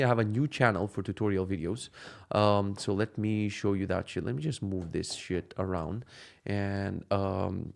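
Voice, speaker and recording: A man's voice: lowish voice, creaky. A young man chatting casually in a rambling, profane, joking vlog, with a sore throat. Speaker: vlogger. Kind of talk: casual chat.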